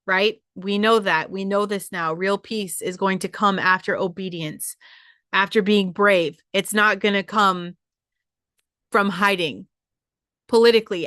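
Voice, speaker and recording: A woman podcast host talks her listeners hard toward risk and faith, blunt and cursing freely. Her voice sits at a middle pitch for a woman. The sound is dry and close, with no room echo. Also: pushed and bright. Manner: blunt, profane and exhorting. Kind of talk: motivational monologue.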